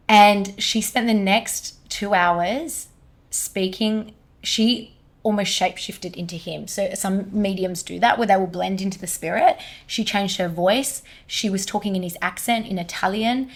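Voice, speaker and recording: A woman talking as a guest on a conversational podcast. She tells stories with animated energy and many casual fillers. Her pitch sits mid-range for a woman. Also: normal speed, vocal fry.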